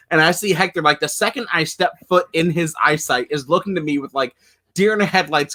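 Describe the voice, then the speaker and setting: A man with a high, bright voice tells a story across a table of friends. He is animated and laughing, swearing freely, and keeps pushing the story forward. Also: brisk. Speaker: podcast co-host. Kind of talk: casual storytelling banter.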